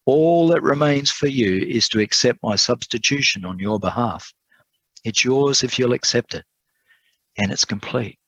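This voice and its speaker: A man voicing a gentle patient lawyer. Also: mid-range voice, slightly rough, no echo, lo-fi sound, voice pushed up. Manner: soft-spoken, measured. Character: calm kind male lawyer, gentle and patient.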